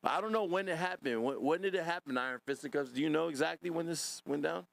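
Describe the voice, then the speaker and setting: A man's voice: on the high side, fast talker, gravelly, very noisy. A man hosting a podcast, reacting to clips in casual commentary, laughing often and swearing.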